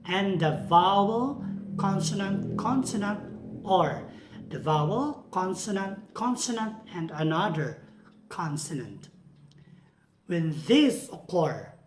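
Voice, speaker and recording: A woman's voice: medium pitch, sing-song, takes it slowly, a little hiss or hum. A woman giving a lecture on English pronunciation, carefully repeating example words aloud. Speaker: teacher. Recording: echoey room.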